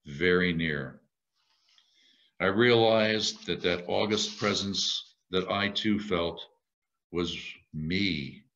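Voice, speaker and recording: A man giving a reflective sermon, measured and thoughtful, with slow emphatic repetitions. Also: on the low side, fairly bright tone, lo-fi sound. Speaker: lay preacher.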